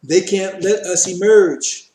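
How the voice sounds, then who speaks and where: A man's voice: sits high, fairly even intonation, slow, warm tone, roomy sound. A man preaching a fiery sermon on scripture, repeating his points emphatically and addressing listeners as brothers. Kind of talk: fiery street-style sermon.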